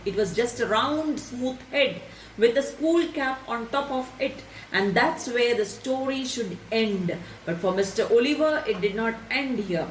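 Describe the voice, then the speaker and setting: A woman with a fairly high voice, walking a class through a story line by line. She repeats key points and asks questions to check understanding. The recording sounds roomy and echoey, taken from some distance, with faint noise behind it. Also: animated, measured pace. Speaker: English teacher. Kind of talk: reading a story aloud and explaining it line by line.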